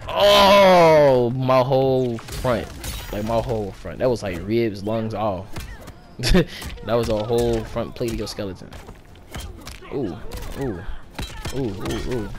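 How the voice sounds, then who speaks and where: A man giving excited play-by-play commentary as he plays a fighting game, groaning and exclaiming at every hit. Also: fairly low pitch. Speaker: gaming channel host. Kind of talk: live gameplay commentary.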